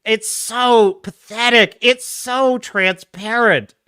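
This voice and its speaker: A man's voice: very high-pitched, steady tone, slow, sharp tone, clear, resonant tone, no room sound, clean studio sound. A man hosting a podcast, reacting to video clips with sarcastic, exasperated ranting and frequent laughter.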